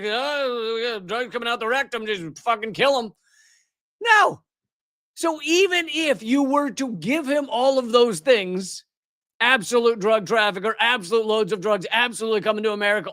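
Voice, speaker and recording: A man's voice: high voice, sharp tone, no room sound, clean studio sound. A middle-aged man hosting a live political commentary show, ranting in a heated, sarcastic and mocking way. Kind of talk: live commentary rant on news clips.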